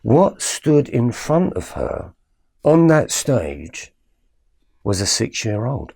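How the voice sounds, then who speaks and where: A middle-aged man recounting a personal story with animated storytelling, growing quiet and low at emotional moments. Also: vocal fry. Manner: animated storytelling with quoted exchanges. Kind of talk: personal story told to camera.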